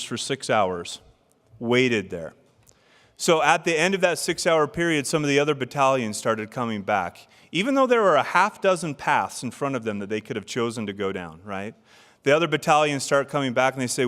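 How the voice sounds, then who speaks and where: A man's voice: mid-range voice, a bit bright. A middle-aged man giving a devotional address, telling stories and asking the audience questions. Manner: storytelling with rhetorical questions to the audience. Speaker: church speaker. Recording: long hall reverb.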